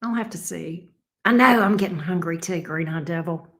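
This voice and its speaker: A woman's voice: on the low side, moderate pace, a bit bright. A Southern woman from Alabama hosting a live stream, chatting casually and rambling as she reacts to viewer comments. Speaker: tarot reader and live stream host.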